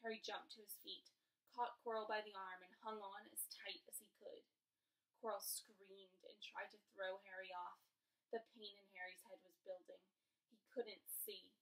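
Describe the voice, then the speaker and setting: A woman reading a novel aloud with expressive storytelling. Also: medium pitch, moderate pace. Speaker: reader. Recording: distant mic.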